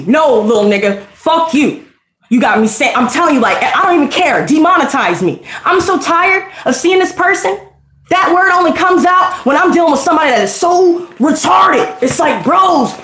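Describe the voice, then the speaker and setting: A woman's voice: sits high, a bit bright, roomy sound. A woman giving a tarot reading, ranting bluntly and heatedly with lots of profanity. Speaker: tarot reader. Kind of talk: unscripted tarot reading rant.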